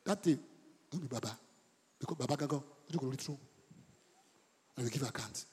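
A middle-aged Nigerian pastor preaching a sermon in a church, moving sharply between quiet asides and loud bursts and repeating words for emphasis. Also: male voice, medium pitch, a little fast, husky. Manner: dramatic swings between soft asides and loud outbursts; code-switches mid-sentence, repeats words for emphasis. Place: church hall. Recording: long hall reverb.

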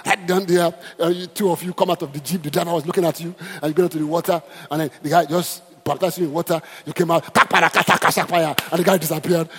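A man's voice: on the high side, breathy edge, big-room sound. A man preaching a sermon, emphatic and repetitive, calling out to the congregation. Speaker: pastor.

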